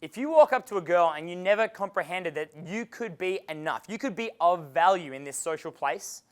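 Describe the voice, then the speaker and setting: A man with an Australian accent giving a live dating-coach seminar in a room with an audience, animated and swearing freely as he acts out dialogues. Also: high voice, fairly quick.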